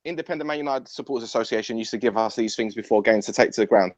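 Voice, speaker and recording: A young man arguing about football in a blunt, animated, sweary way, repeating himself as he talks. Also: fairly low pitch, rapid-fire, dry recording. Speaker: football fan pundit. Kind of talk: heated casual football debate. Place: his mum's house. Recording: dull, muffled audio.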